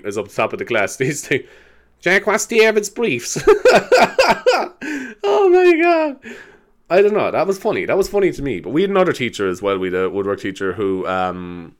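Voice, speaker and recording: A man's voice: lowish voice, fairly bright tone. An Irish man in his twenties hosting a casual solo podcast, rambling from one thought to the next, swearing freely and laughing often. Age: 20s. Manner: rambling, sweary, quick to laugh, with many fillers. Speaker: podcast host.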